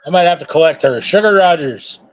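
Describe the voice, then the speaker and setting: A man's voice: fairly high pitch, animated, a little fast. A man chatting casually and rambling while opening trading cards, joking and reading out names. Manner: rambling, jokey, sings and mutters names. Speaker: card collector vlogger. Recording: dull lo-fi sound.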